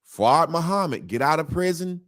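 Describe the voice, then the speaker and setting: Animated man with a lively voice. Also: on the high side, normal speed. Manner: animated and emphatic, with slang and repetition. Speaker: interview guest. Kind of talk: casual conversational interview.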